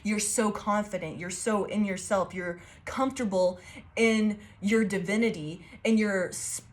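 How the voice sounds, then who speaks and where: A woman giving a casual tarot reading to her viewers, excitable and profane, rambling and restarting her sentences. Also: medium pitch, measured pace. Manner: excitable and profane, laughing often. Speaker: tarot reader.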